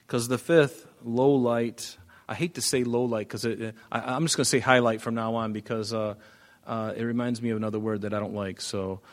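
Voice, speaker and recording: A pastor giving a casual, conversational Bible teaching with joking asides and frequent restarts. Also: male voice, medium pitch.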